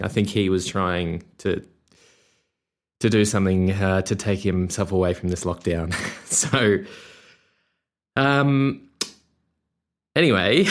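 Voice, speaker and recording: A man's voice: deep voice, creaky. A young Australian man with an Australian accent, talking casually and rambling through a solo podcast with many fillers. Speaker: podcast host and musician.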